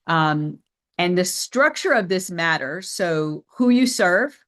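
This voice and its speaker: Emphatic woman teaching sales. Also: fairly low pitch. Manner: energetic, emphatic, repeats key phrases. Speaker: business coach and company CEO. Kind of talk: presenting a sales training.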